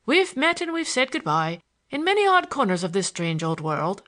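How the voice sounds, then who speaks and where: A woman's voice: mid-range voice, very animated, normal speed, a bit bright. A woman voicing a boisterous Irish man who teases and declaims with mock grandeur. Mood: wistful. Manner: mocking, declamatory.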